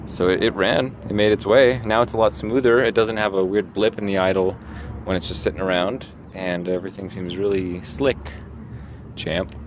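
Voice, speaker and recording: Rambling low-voiced man in his garage. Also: steady tone, moderate pace, background noise. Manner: rambling, chatty, self-mocking asides. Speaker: classic car restorer. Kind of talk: casual garage vlog. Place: garage workshop at night.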